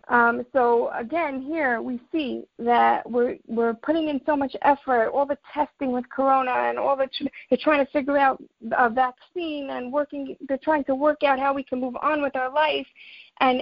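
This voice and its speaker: A woman with a high voice teaches a religious lesson in an earnest, encouraging way, weaving in personal anecdotes. The recording is dry and a bit dull, with a slightly lo-fi sound. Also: no echo. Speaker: teacher of a weekly religious class.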